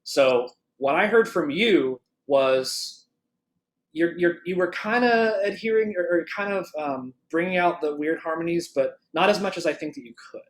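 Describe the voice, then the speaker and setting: Coaching a clarinet masterclass remotely, this man's voice runs on the high side at a moderate pace. He muses aloud with restarts and fillers, and demonstrates by singing phrases in nonsense syllables.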